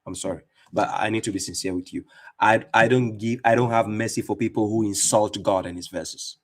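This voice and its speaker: A man's voice: lowish voice, fairly even intonation, fairly quick. A man giving fierce, mocking religious commentary as an Islamic debater and streamer, speaking with heavy emphasis.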